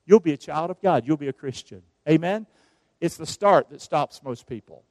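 High-pitched pastor preaching, calls for the crowd to repeat lines, dry close sound. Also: male voice, animated, normal speed, a little mellow, no room sound. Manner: emotional call-and-response preaching. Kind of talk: sermon. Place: church sanctuary.

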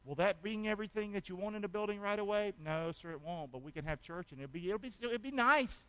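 A man preaching a sermon as pastor, calling for amens and swinging from loud shouts to hushed asides. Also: sits high, fast talker, smooth.

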